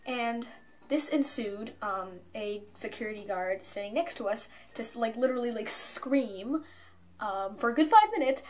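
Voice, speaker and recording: Young woman vlogger, slightly high voice, excitable and rambling, casual storytelling. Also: moderate pace. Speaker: fan vlogger.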